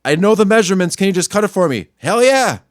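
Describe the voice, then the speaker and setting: High-voiced man on a profane rant. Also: very animated, quick pace, no room sound, studio quality. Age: adult, not much older than a young store clerk. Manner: angry, crude, swings between muttering and yelling. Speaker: podcast host. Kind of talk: profane ranting monologue.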